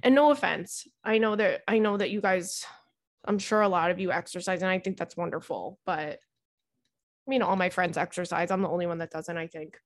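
A woman's voice: lowish voice, a little fast. A woman comedian hosting a casual chat show, talking in a rambling, chatty way full of "like" and casual swearing. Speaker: podcast host and comedian. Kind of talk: casual chat and reading listener letters.

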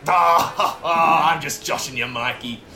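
An actor with an Irish accent playing a loud, teasing male restaurant owner in a comedy sketch, laughing and mocking. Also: fairly high pitch, a little slow, full character voice. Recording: roomy echo.

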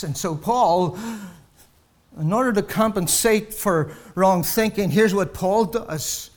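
Here a man preaches to the faithful, rising to loud peaks of emphasis and falling back to a low register, with rhetorical questions repeated throughout. He takes his time, and his breath gets shorter the longer he goes.

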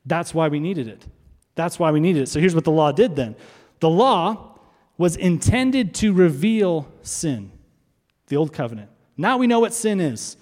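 A man's voice: a little high, sing-song, a little slow, darkish tone. A man preaching a sermon as pastor, emphatic, repeating key phrases and asking rhetorical questions. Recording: long reverb of a large hall.

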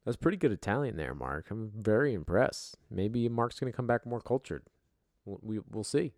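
A man hosting a casual podcast, animated and heavy on swearing. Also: lowish voice, moderate pace. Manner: profane, animated, laughing. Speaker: podcast host. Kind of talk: casual chat.

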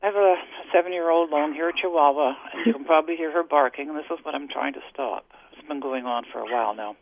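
A woman's voice: deep voice, fast talker, a little hiss or hum. A woman calling in to a radio show, speaking with hesitation. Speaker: caller. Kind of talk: phone call to radio show. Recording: tinny phone line.

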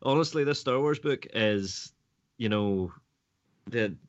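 A man's voice: mid-range voice, slow, muffled recording. A man co-hosting a casual comic book chat, speaking earnestly and emphatically.

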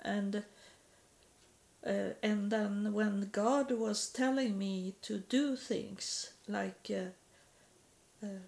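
A woman from Sweden, giving a halting personal testimony in English and often repeating words. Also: medium pitch, fairly even intonation, vocal fry, darkish tone. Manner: halting, repeats words, non-native grammar.

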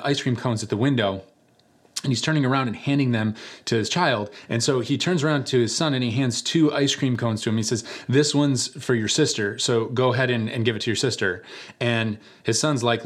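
A man, a church pastor, giving a sermon in a relaxed storytelling way, sometimes acting out the people in his story. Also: medium pitch. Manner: conversational storytelling with animated voices for quoted characters.

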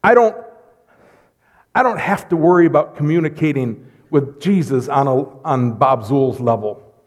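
A middle-aged man preaching a lively, joking sermon in church, swinging between loud bursts and hushed asides. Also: a little high, normal speed. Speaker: pastor. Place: church sanctuary. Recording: long hall reverb.

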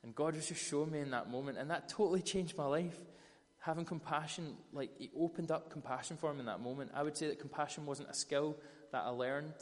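A man preaching a sermon, telling stories in an animated, conversational way. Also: fairly high pitch, brisk, big-room sound. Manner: storytelling, animated retellings of scripture.

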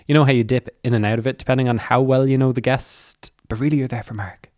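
Chatty Irish podcast host, dry sound. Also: male voice, medium pitch, fairly even intonation, fast, a little mellow, no room sound. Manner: rambling, self-deprecating asides. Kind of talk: chatty solo podcast intro.

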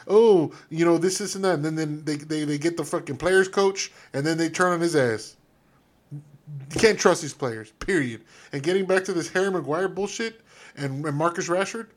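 A man co-hosting a fan podcast, ranting in a heated, profane, emphatic way. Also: fairly high pitch. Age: adult. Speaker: podcast co-host.

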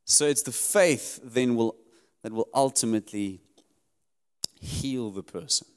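A man preaching a sermon in an earnest, emphatic way, his voice rising high and dropping low as he drives his points home. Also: measured pace, clean tone. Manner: earnest, emphatic preaching that rises and drops sharply. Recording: long hall reverb.

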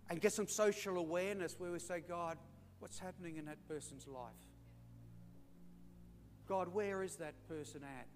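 A man's voice: high voice, normal speed, long pauses. A middle-aged Australian man preaching a sermon in a folksy storytelling way, calling his listeners mate and friends. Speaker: pastor. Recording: echoey hall with faint hum.

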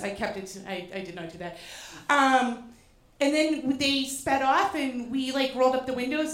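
High-voiced woman telling a comic story. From Boston. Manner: animated and profane, with self-mocking asides. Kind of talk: comedic personal storytelling. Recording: roomy echo.

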